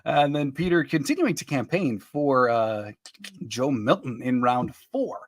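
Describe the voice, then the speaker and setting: On a live-streamed sports podcast, an animated male host with a mid-range voice runs down his picks and reads comments from viewers. His manner is cheerful and talkative, full of little asides to the audience and bits of laughter.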